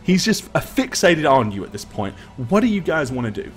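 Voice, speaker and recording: A man's voice: fairly high pitch, sing-song, brisk, slight background noise. A man narrating as game master of a tabletop game, with rambling, filler-heavy speech.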